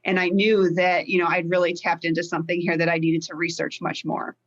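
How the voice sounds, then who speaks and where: A woman's voice: lowish voice, little pitch movement, a little fast, lo-fi sound. A woman life coach, a guest in a podcast interview, telling her story in an open, heartfelt way. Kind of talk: conversational interview.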